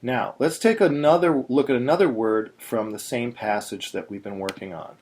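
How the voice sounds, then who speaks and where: A man's voice: mid-range voice, normal speed, a little mellow. A man teaching Torah chanting in a plain, patient voice, stopping to sing short chanted examples. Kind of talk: instructional video narration.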